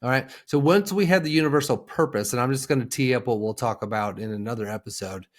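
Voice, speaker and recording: A man's voice: mid-range voice, quick pace. A man hosting a solo coaching podcast, talking earnestly and conversationally with frequent fillers and restarts.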